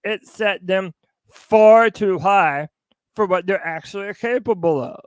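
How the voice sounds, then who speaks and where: High-voiced blunt podcast co-host man. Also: a little slow, smooth, no room sound. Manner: interjects, blunt and profane. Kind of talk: casual sports podcast chat.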